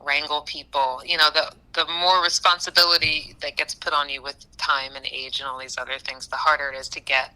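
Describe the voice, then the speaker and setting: Bright-voiced low woman musician chatting. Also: fairly quick, few pauses, poor audio. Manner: animated, laughs often, many fillers. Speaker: musician guest. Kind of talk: casual interview chat.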